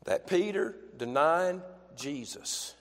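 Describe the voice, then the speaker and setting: A male preacher delivering a fervent sermon in a church, dropping to a hush and then building to shouts with repeated phrases. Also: fairly high pitch, animated, takes it slowly, in a large hall.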